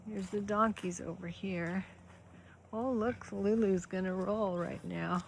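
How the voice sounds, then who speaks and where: Slow, gravelly-voiced woman on a farm. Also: medium pitch, fairly even intonation. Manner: gentle baby-talk to animals, frequent soft laughs. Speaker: farm vlogger. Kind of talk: casual narration while filming animals. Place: outdoors on a small farm. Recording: outdoor farm noise, animals behind. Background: animal sounds and outdoor ambience.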